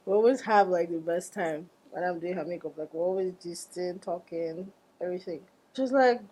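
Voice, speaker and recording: A young woman, a makeup artist telling a story in a casual vlog, animated and quick to exclaim. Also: mid-range voice. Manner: animated, exclaiming and laughing, acting out quoted dialogue.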